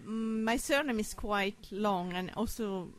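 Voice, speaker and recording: Brief: Italian-accented woman, mid-pitched, short polite studio interview answers. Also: measured pace. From Turin, Italy. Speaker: radio guest. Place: radio studio.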